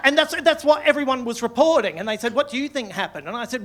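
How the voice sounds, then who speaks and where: Middle-aged male stand-up, high and bright, rambling, self-amused delivery. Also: expressive, quick pace, few pauses, a little hiss or hum. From Australia. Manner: rambling, self-interrupting, laughs mid-line. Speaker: stand-up comedian. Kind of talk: stand-up routine. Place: small comedy club, live audience.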